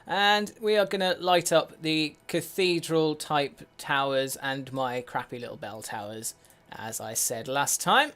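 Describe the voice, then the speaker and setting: A man's voice: fairly high pitch, unhurried, few pauses, fairly bright tone. A man giving casual game commentary as a let's play host, muttering to himself with wry, sweary asides. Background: faint in-game music.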